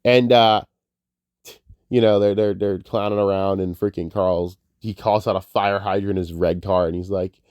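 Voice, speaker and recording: A fairly low-pitched man talks through a movie review in a loose, rambling way, his voice thick with tears. He swears often and circles back on his own thoughts. The sound is dry and close, with no room around it. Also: steady tone, normal speed, darkish tone, clean tone, no echo. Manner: emotional, profane, rambling. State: tearful, crying. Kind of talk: casual spoken movie review.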